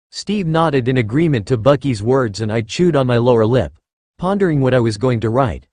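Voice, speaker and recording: Speaking at a moderate pace with a mid-range voice, a man gives an expressive reading of a first-person fan fiction story. The sound is clean and studio-quality, without any echo.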